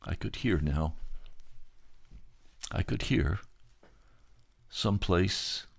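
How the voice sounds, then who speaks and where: Low-voiced man recounting a dream. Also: lively intonation, gravelly, no echo. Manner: halting, with repeated words and restarts. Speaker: narrator recounting a vision. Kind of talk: first-person recollection of a dream vision.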